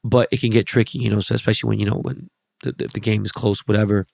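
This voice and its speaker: A man hosting his podcast, rambling through sports and celebrity stories with constant swearing and animated asides. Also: on the low side, racing, gravelly, no echo, studio quality. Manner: profane, rambling, animated storytelling. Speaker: podcast host. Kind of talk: casual podcast monologue.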